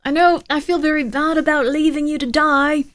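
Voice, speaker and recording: A woman's voice: sits high, steady tone, fairly quick, a bit bright, voice pushed up. A woman imitating a sweet, flustered young man, overly polite.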